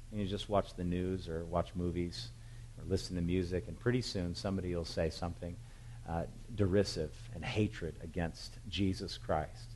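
A man preaching a sermon, retelling a Bible story with animated, emphatic storytelling. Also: low voice, a little hiss or hum, rough recording. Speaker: pastor.

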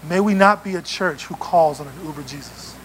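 A man preaching a sermon in a church, animated and playful, acting out little scenes as he goes. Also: fairly high pitch, brisk, slightly rough. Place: church sanctuary.

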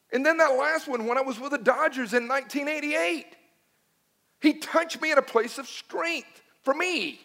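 A middle-aged man preaches, telling his own story with dramatic swings from near-whispers to shouts. His voice sits high for a man. The sound carries the long reverb of a large hall. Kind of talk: sermon.

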